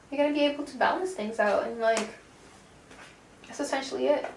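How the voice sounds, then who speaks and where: A tarot reader gives a casual pick-a-card reading, chatty and slangy, swearing and calling the listener baby. Her voice is high-pitched and creaky, at normal speed. The echoey room and distant mic leave faint noise.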